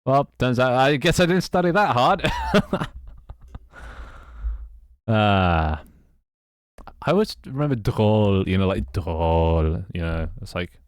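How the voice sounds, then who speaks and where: A man's voice: medium pitch, animated, takes it slowly, pauses often, clear, resonant tone, no room sound, clean studio sound. An English man streaming live, chatting casually with his viewers, laughing often, swearing and fumbling through playful mock French. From England. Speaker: live streamer reading chat.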